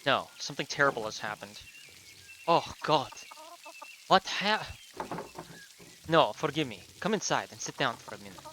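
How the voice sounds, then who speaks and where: A man voicing a troubled male artist from a video game, reading his lines in a lower voice with a quick, clipped delivery. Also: lively intonation, sharp tone, slight background noise.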